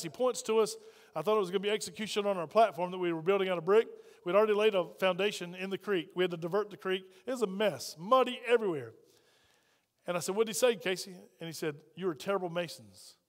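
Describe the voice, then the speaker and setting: A middle-aged man, preaching a sermon and telling a story, switching between loud passages and hushed ones. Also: high voice. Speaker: pastor. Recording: hall reverb.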